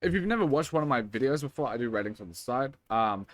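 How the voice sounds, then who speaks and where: A man's voice: medium pitch, expressive, quick pace. A man from Brisbane with a Queensland Australian accent, hosting a music reaction and musing casually with many ums and likes. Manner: rambling, full of "um" and "like". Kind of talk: casual commentary.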